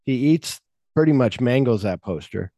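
A man's voice: medium pitch, normal speed, no room sound, lo-fi sound. A man hosting a podcast in casual chat, retelling a film script and acting out the lines in a raised voice. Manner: animated storyteller, acts out quotes in a raised voice, swears often. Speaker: podcast host.

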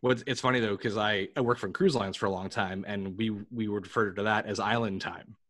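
A fairly low-voiced man from New York chatting as a podcast guest. He tells stories animatedly and restarts his sentences often. His pacing is loose and conversational. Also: a little fast. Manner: animated storyteller, frequent restarts. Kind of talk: casual interview chat.

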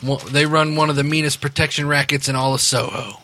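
A man narrating and explaining rules as game master of a tabletop game, loose and quick to laugh. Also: fairly high pitch, steady tone, bright, forceful tone, slight background noise.

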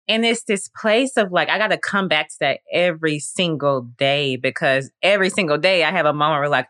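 A woman hosts a faith podcast, speaking earnestly and conversationally with plenty of fillers. Her low, forceful voice moves fairly quickly with hardly any pauses, in a dry, close recording without echo.

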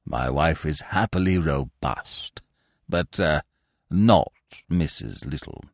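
Male narrator playing a stiff, self-important old lord, low and slow, over 60, dry booth sound. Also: lively intonation, dry recording, full character voice. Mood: pompous. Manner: slow, ponderous, deep and measured. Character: pompous elderly male peer, stiff and formal.

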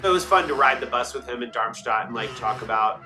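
A man's voice: medium pitch, quick pace. Chatty man talking music with a friend. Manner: relaxed, chatty, laughs easily. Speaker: co-host. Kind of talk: casual chat about music.

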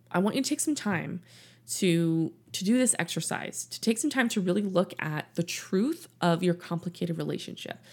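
Earnest low-voiced woman with gravelly fry. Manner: earnest, personal, gently instructive. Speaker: podcast host and life coach. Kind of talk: reflective podcast monologue. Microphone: studio mic in her office.

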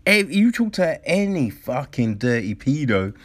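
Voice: mid-range voice, sing-song, measured pace. A speaker ranting in blunt, profane commentary, heavy on slang and fillers, mocking excuses with acted-out quotes. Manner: incredulous, mocks with acted-out quotes.

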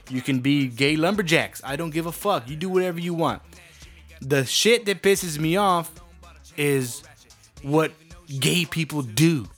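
A man tears through a profane comedic rant, brash and blunt. His voice sits a little high for a man, and soft music plays faintly behind him.

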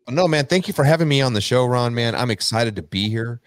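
A man's voice: mid-range voice, expressive, fast talker, no room sound. A man appearing as a podcast guest who talks in an upbeat, motivational way. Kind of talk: casual podcast chat.

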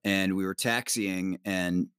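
A man's voice: low-pitched, fairly even intonation, slow pace, a bit bright, smooth, no echo, clean studio sound. A man, a documentary producer guest, telling a loose travel story with fillers and swearing. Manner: loose, profane, many fillers. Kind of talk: casual storytelling chat.

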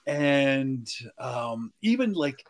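A man's voice: medium pitch, sing-song, drawn-out words. A man co-hosting a casual movie podcast, talking in rambling, filler-heavy runs with many restarts. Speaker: podcast co-host. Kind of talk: casual movie-review chat.

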